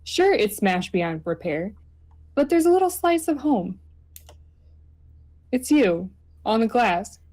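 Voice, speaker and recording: A woman's voice: fairly high pitch, big pitch swings, takes it slowly, long pauses, darkish tone. A woman hosting a visual novel playthrough, reading the text aloud in a giggly, rambling way. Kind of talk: casual gaming chat with narration.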